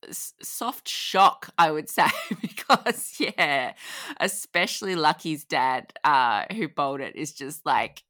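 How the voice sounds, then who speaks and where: A woman's voice: deep voice, takes it slowly, fairly bright tone, dry recording, clean studio sound. An Australian woman co-hosting a podcast, talking animatedly and laughing often as she trails off mid-thought. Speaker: podcast co-host. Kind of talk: casual chat.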